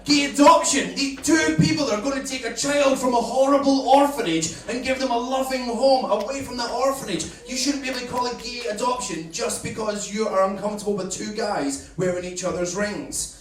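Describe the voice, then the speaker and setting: High-voiced brash stand-up comedian. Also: male voice, brisk, hardly any pauses, noisy background. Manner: brash, cheeky, crowd-teasing. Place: comedy club stage. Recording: echoey club from a distance, loud audience laughter.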